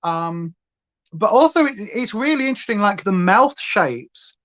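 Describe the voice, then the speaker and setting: Putting on makeup during a livestream, this Northern English host talks in a loose, chatty way that wanders across tangents. Her mid-range voice is expressive, unhurried, and fairly bright, though the audio sounds slightly dull and lo-fi.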